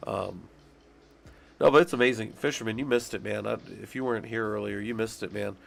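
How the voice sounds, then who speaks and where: Low gravelly congested male streamer. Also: fairly even intonation, a little fast. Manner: profane, rambling, talks to chat. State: congested and sick. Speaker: streamer talking through job requirements. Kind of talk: casual live-stream chat.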